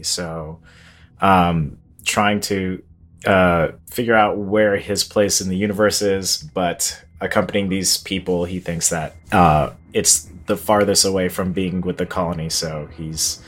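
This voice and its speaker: A man introducing his tabletop game character, talking haltingly with lots of fillers. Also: low-pitched. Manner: halting, many fillers and likes. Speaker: player.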